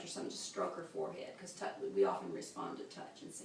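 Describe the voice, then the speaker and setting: A woman's voice: mid-range voice, huge pitch swings, quick pace, gravelly, hardly any pauses, a little hiss or hum. A woman teaching a childbirth class in a practical way, showing the moves as she explains them. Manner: practical, demonstrating with gestures. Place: classroom at a birth center. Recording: echoey room, mic far off.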